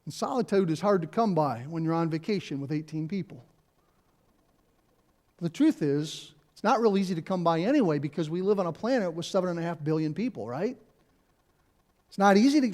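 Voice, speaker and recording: A man's voice: high voice, expressive, brisk, pauses often, a little mellow. A middle-aged man, a pastor, preaching a conversational sermon in a church, repeating key phrases and adding asides. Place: church sanctuary.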